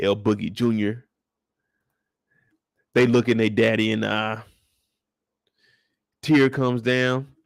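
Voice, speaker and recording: A man hosting a casual live recap of a series, talking in an animated, slangy, playful way. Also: fairly low pitch, slow pace, vocal fry, long pauses, dry recording, clean studio sound. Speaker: show host recapping a series.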